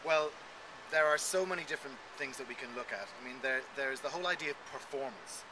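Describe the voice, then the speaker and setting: A man who works as a voice coach, explaining his craft in an animated, demonstrative way during an interview recorded outdoors. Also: medium pitch. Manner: animated, demonstrative, quick delivery. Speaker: voice coach guest. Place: outdoors in an urban area. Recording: outdoor street noise with passing traffic.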